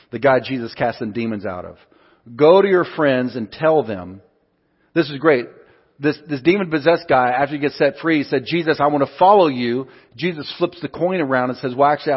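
A man's voice: mid-range voice, slightly rough. Man, pastor, sermon, long hall reverb, dull lo-fi sound. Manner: storytelling with acted-out quotes. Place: church hall.

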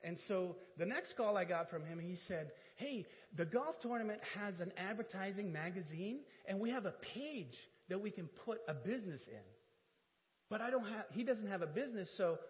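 A man tells a church testimony in an animated, storytelling way, laughing often and making fun of himself. His voice sits high and swings widely in pitch. The recording is dull, with a long hall reverb. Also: normal speed. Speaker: church speaker giving testimony. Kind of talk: sermon testimony.

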